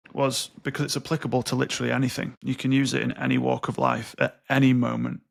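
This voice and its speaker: Guy, 30s, gravelly voice, blunt and sweary, podcast guest. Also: mid-range voice, fairly bright tone. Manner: blunt and sweary, acts out quoted dialogue. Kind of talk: candid interview conversation.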